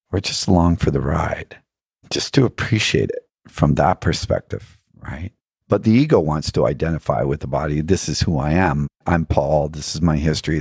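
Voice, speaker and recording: Guest spot: deep-voiced, husky man, reflective spiritual storyteller, earnest with rhetorical questions. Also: darkish tone, dry recording, clean studio sound. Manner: laughs now and then while telling stories. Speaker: podcast guest.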